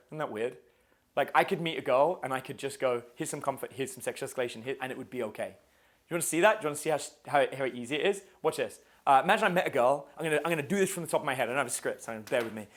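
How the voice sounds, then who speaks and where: Animated male dating coach. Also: mid-range voice. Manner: casual, swears, quizzes the audience. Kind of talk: live seminar teaching.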